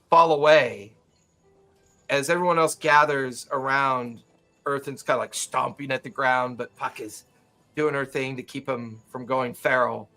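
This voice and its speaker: A man's voice: on the high side, sharp tone. A man narrating a tabletop game as game master, describing scenes vividly with loose fillers.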